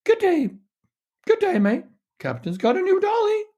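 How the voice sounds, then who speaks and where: A man's voice: very high-pitched, huge pitch swings, moderate pace, warm tone, voice pushed up, exaggerated voice. A man voicing a pet shop parrot that squawks its greetings over and over. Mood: squawking.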